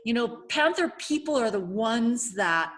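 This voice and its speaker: A woman's voice: fairly high pitch, expressive, unhurried, fairly bright tone. A woman giving a casual spiritual oracle card reading as a coach, searching for words with many fillers and restarts. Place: home setting.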